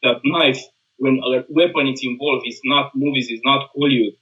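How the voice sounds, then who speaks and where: रोमानियाई लहजे वाला तीखी आवाज़ का आदमी. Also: male voice, medium pitch, fairly even intonation, pushed and bright, highs cut off. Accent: Romanian. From Romania. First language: Romanian. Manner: earnest, halting non-native phrasing with many restarts. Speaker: guest, combat instructor. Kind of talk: casual conversation.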